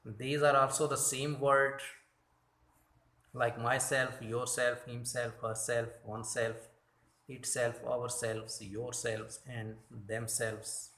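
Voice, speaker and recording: Slow, deliberate male grammar teacher. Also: mid-range voice, flat delivery, bright, forceful tone, reverberant. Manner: slow and deliberate, corrects his own slips. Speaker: English teacher. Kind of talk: grammar lesson explaining slides.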